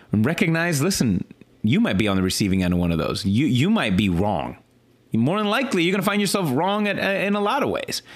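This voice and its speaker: A man, a pastor, talking through his sermon in a casual, animated way, often restarting and stuttering, swinging between high exclaims and low earnest lines. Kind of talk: casual sermon follow-up talk.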